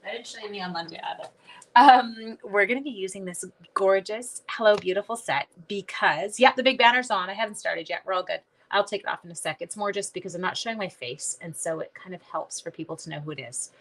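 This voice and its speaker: A woman's voice: mid-range voice, fairly quick. A woman hosting a live-streamed stamping class, chatting casually into her phone, greeting viewers by name and correcting herself as she goes.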